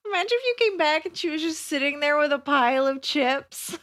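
A woman guest on a podcast, chatting casually, giggly and animated when quoting others. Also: sits high, a little fast, no room sound, clean studio sound.

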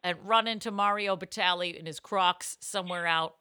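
A woman co-hosting a podcast, telling animated, self-mocking stories in casual chat. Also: on the low side, normal speed, clear, resonant tone, dry recording. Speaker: podcast co-host.

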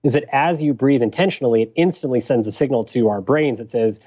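A man, a physician and podcast guest, explaining a breathing technique in a measured, thoughtful way. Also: medium pitch, darkish tone, lo-fi sound. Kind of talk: explanatory interview talk.

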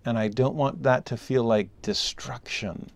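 A man teaching a scripture lesson in a dry, close recording. He is emphatic, dropping into soft asides and then lifting into raised exclamations. His voice sits at an ordinary middle pitch. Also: fairly even intonation, a little slow, gravelly, no room sound.

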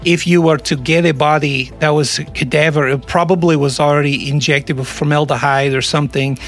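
A man hosting a podcast in casual comedic chat, a joking storyteller with quick asides. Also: fairly high pitch, steady tone, faint music behind. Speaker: podcast host.

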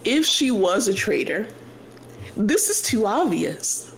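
A man co-hosting a podcast, telling stories in an animated, chatty way with quick asides. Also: sits high, gravelly, poor audio. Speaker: podcast co-host. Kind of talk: casual chat.

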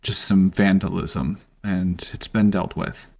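A man voicing a calm, smooth-talking male hobgoblin official who is politely dismissive. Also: deep voice, takes it slowly, highs cut off, full character voice. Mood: calmly dismissive.

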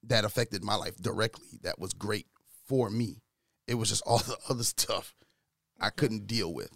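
A man talking earnestly from his own experience in a casual discussion, getting louder and higher when he retells an argument. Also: moderate pace, gravelly, no room sound, clean studio sound. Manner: earnest, speaks from personal experience.

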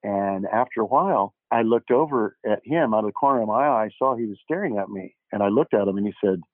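An older man, an actor guest, telling lively anecdotes and acting out the dialogue, with many false starts. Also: fairly low pitch, quick pace, no room sound. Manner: animated storyteller who acts out quoted dialogue, with frequent restarts. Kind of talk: anecdotal interview storytelling. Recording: dry, tinny phone-like line.

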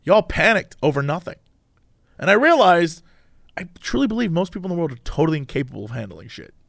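A man hosting a casual chat, spinning a story in a high, lively voice that leaps up and down. He acts out the people he quotes in sudden bursts. The sound is dry and close. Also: fast, creaky, no room sound. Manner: animated storyteller, acts out quotes with big pitch jumps. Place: Los Angeles.

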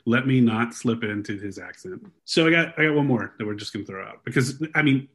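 A young man hosting a casual podcast, walking his co-host through research in an animated, rambling way full of fillers. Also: mid-range voice, brisk, husky. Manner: animated storyteller, frequent fillers and restarts.

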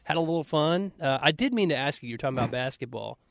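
A man's voice: fairly high pitch, lively intonation, gravelly, fairly bright tone, no echo. Upbeat punning male radio co-host. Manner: upbeat, punny, lots of quick agreement. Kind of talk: casual radio chat. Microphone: studio mic. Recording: dry studio sound.

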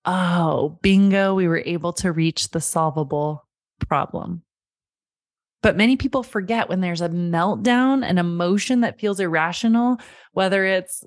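A woman's voice: on the low side, unhurried, no echo, clean studio sound. A woman in her thirties, a parenting coach hosting a podcast, telling a family story and giving earnest advice.

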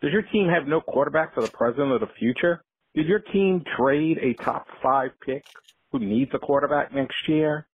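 A man calling in with a sarcastic mock infomercial, delivered in a steady pitchman manner. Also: normal speed, breathy edge. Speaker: caller. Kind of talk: mock ad read. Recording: tinny phone line.

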